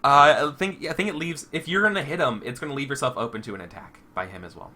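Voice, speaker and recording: A man's voice: medium pitch, fast talker, pushed and bright, slight background noise. A man running a tabletop game as game master, narrating with lots of fillers and restarts. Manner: hesitant, full of fillers and restarts.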